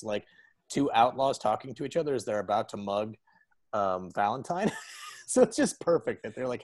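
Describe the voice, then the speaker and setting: A man rambling through a casual podcast chat, stacking "like"s and breaking into laughter. His voice sits at an ordinary middle pitch. The close mic leaves it completely dry. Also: darkish tone, no room sound. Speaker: podcast co-host.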